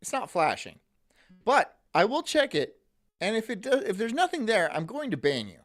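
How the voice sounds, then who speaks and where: A male streamer hosting a live stream, reading chat, mocking and laughing between loud rants and muttered asides. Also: high-pitched, very animated, a little fast, faint music behind. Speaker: streamer host.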